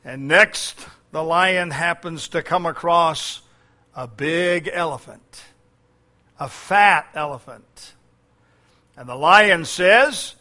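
A man's voice: a little high, measured pace, pushed and bright. A man preaching a sermon as pastor, with frequent fillers and key phrases repeated.

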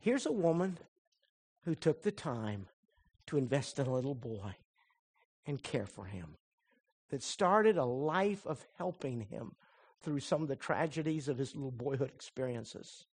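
A man preaching a sermon, telling a story in a lively way and turning soft and earnest when he draws the lesson. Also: medium pitch, measured pace, breathy edge. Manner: animated storyteller who acts out quoted voices; drops to a soft, earnest tone for the application. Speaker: pastor.

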